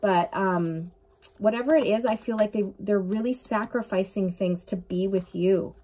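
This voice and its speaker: A woman's voice: mid-range voice, moderate pace, warm tone. A woman giving a channeled tarot reading to her viewers, earnest and intuitive, talking straight to the listener. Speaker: tarot reader.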